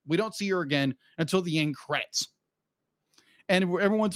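A man co-hosting a podcast in loose, casual chat. He rambles, restarts his sentences and keeps adding asides. His voice sits slightly high, and the sound is dry and close. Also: moderate pace, pauses often, no room sound. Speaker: podcast co-host.

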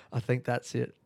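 An Australian man from South Australia hosting a solo podcast late at night, talking quietly and rambling as he thinks aloud in bed. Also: medium pitch, vocal fry, husky, no room sound. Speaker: podcast host and comedian. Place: bedroom at night. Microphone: own podcast mic set up in bed.

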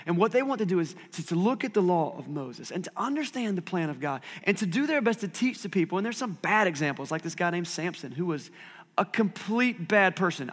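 A man's voice: high voice, a bit bright, in a large hall. A man preaching a sermon as pastor, talking conversationally with self-deprecating asides.

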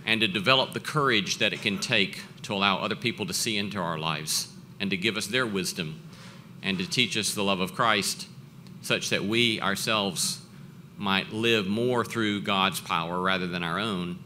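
A man, a professor, giving an earnest, reflective talk with personal storytelling and halting restarts. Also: low-pitched, bright, forceful tone, a little hiss or hum. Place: event breakfast gathering.

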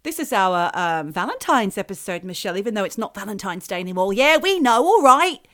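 A woman's voice: medium pitch, big pitch swings, a little fast, a bit bright. A middle-aged Australian woman co-hosting a podcast in casual, chatty, jokey talk with some swearing. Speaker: podcast co-host. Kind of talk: casual chat.

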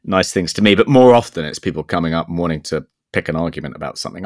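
A man's voice: low-pitched, fast talker, few pauses, dry recording, clean studio sound. A man co-hosting a podcast in casual chat, telling rambling anecdotes with many restarts and stammers. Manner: stammering, self-deprecating anecdotes. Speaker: podcast co-host.

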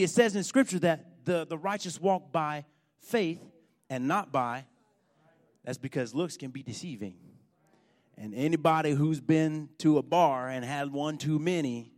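High-voiced, fiery preacher. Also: male voice, normal speed. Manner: animated storytelling, rising to loud emphatic points. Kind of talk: sermon.

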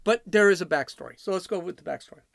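A man's voice: high voice, fast, gravelly, a bit bright, no echo, studio quality. A man from Chicago hosting his podcast, talking in a blunt, rambling, off-the-cuff monologue. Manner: blunt, ranting and digressive. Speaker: podcast host.

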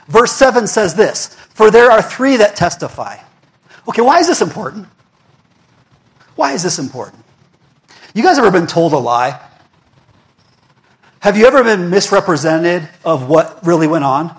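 High-voiced man preaching to a congregation. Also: sing-song, a little slow, long pauses. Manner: conversational preaching, asks the congregation questions; repeats words and restarts, emphatic. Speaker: pastor. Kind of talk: sermon.

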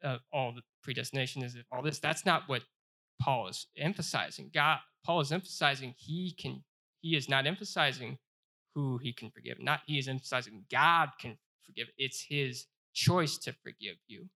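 Guy teaching bible study, bright tense voice, earnest, keeps restarting and repeating lines. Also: mid-range voice, creaky. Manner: reads scripture aloud with slow emphasis.

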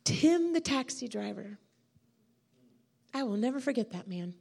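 A woman preaching with a somewhat high voice, swept up in her own testimony. She speaks with open emotion and conviction, in a storytelling sermon style. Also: big pitch swings, unhurried, vocal fry, dark tone.

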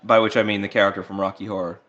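Low-voiced man player, dull mic. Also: flat delivery, very fast, a bit bright. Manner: wry, joking, asks questions. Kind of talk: casual chat at a game table.

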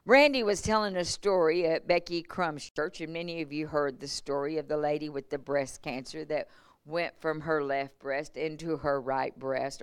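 A woman's voice: sits low, smooth, dry recording. A woman, a revival preacher telling healing stories in a sermon, acting out quotes and laughing along the way. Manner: animated testimony with laughs and acted-out quotes. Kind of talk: sermon storytelling. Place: church.

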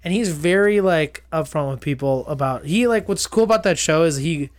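Мужчина оживлённый, много ругается. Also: male voice, on the high side, moderate pace. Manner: swearing, animated storyteller who slips into joking put-on voices. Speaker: podcast co-host. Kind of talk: casual chat.

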